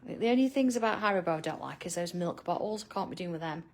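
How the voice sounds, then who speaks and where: A woman's voice: fairly low pitch, expressive, quick pace. A middle-aged woman hosting a live drawing tutorial, chatting casually with viewers by name and laughing often. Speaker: art tutorial host.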